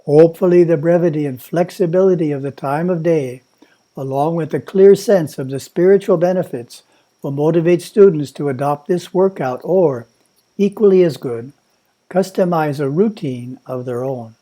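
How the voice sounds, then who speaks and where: A man at a monastery reading a prepared spiritual talk in a measured, instructive way. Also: fairly high pitch, mellow. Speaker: monastery teacher.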